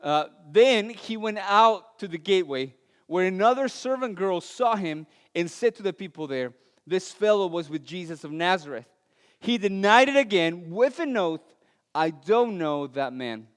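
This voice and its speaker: A male pastor with a non-native, Latin American accent, preaching a sermon with earnest storytelling and light self-deprecating humor, his voice dropping soft and low on weighty lines. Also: animated, normal speed, clean tone. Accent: non-native English, Latin American. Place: church sanctuary. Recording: long church hall reverb.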